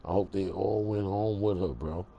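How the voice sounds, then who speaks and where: A man's voice: deep voice, normal speed, creaky, lo-fi sound, slight background noise. A man ranting casually to camera in a streetwise, emphatic way. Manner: streetwise, emphatic, repeats "bro". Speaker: vlogger.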